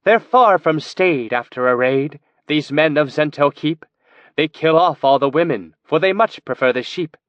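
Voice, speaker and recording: A man's voice: on the high side, animated, moderate pace, no room sound, lo-fi sound, pitched above the performer's own voice, lightly acted. A man voicing a young woman reciting bawdy verse in an affected drawl with ringing, metered delivery. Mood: mock grand.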